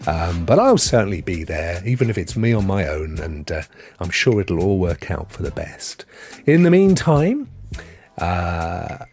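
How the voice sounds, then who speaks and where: A man with a lowish voice talks casually on a live stream, his pitch swinging widely as he goes. He answers viewers from the chat in a chatty way. Faint music plays in the background. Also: darkish tone. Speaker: streaming host.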